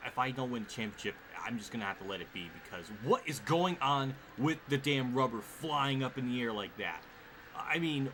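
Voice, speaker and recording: A man at home plays a racing game live and talks the whole way through it, cursing and venting at the game. His voice sits in an ordinary middle register. A steady wash of background noise runs under the recording. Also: mid-range voice. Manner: exasperated, swearing outbursts at the game. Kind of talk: live gameplay commentary.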